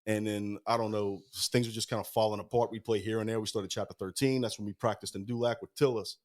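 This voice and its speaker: This is a rapid-fire man with a lowish voice, recorded in a podcast studio. He tumbles from one band anecdote to the next, peppering every sentence with swears. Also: fairly even intonation. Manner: fast-talking, heavy swearing, rambling anecdotes. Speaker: guest musician. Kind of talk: casual storytelling.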